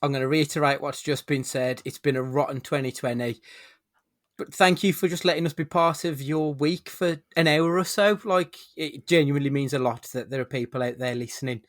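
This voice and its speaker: Male podcast host, casual film chat, jokey, swears, slightly high voice, dry close sound. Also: fairly even intonation, fairly quick, no echo.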